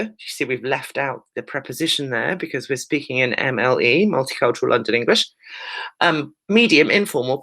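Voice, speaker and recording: A woman teaching a recorded English revision lesson, brisk and emphatic, checking in with her pupils and teasing them now and then. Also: sits low, lively intonation, fairly bright tone. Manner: playful, teasing asides to pupils. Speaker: secondary school English teacher.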